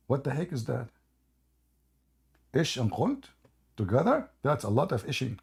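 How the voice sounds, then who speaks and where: A man's voice: medium pitch, very animated, moderate pace, gravelly, pauses often, darkish tone, husky. A man hosting a casual livestream chat, joking and mocking, with a tired voice. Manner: mocking, joking, laughs at his own stories. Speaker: host.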